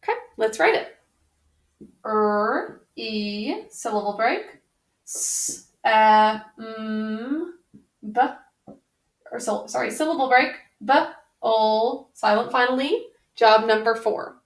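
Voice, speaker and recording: Lady teacher sounding out spelling words real slow, kinda high voice, echoey room. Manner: sounds out words slowly, patient and methodical. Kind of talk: slow, careful spelling lesson. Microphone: video lesson. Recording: roomy echo.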